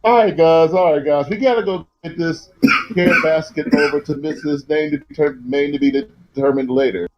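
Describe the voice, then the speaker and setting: A man's voice: on the high side, normal speed, muffled recording, background noise. A man playing in a tabletop game, in a casual, friendly, joking way. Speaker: player. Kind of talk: casual in-character tabletop play.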